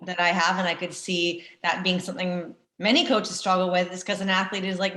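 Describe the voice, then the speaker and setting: A woman's voice: medium pitch, fairly even intonation, moderate pace, a bit bright, roomy sound. A woman from Canada, an Olympic runner, chatting casually on a panel over a video call and laughing easily.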